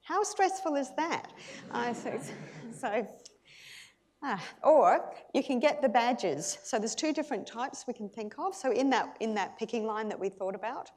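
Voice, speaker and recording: A middle-aged Australian woman giving a conference keynote, lively and chatty, laughing often and restarting her sentences. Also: fairly high pitch, normal speed. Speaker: keynote speaker. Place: conference hall.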